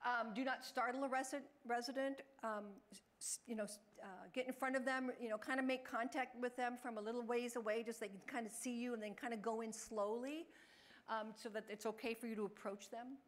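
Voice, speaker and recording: Fast-talking woman giving staff training. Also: fairly high pitch, fairly even intonation. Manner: fast, chatty, acts out example lines in a bright voice. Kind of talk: in-service training talk.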